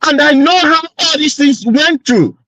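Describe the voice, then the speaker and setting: A man's voice: very high voice, measured pace, pushed and bright, dry recording, rough recording. A man on an online panel debate, arguing insistently and repeating his points. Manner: insistent, argumentative, repeats himself.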